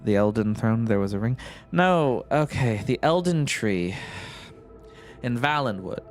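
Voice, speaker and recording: A man's voice: medium pitch, expressive, a little slow, soft background music. A man narrating his gameplay in a rambling, musing way, often correcting himself with chuckling asides. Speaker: let's-play host.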